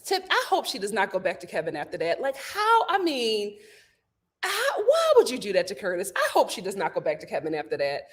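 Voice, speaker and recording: A woman's voice: mid-range voice, huge pitch swings, fairly quick, husky. A woman hosting a casual recap of a reality TV show, retelling scenes dramatically with gasps and acted-out quotes. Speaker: host of a reality TV review show. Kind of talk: casual recap to a live audience.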